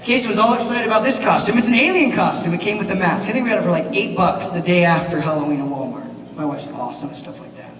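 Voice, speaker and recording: A man giving a keynote speech at a banquet, animated and asking the audience questions. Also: high-pitched, fast, few pauses. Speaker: keynote speaker, teacher. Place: large banquet hall. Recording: echoey hall, mic from far off, noisy.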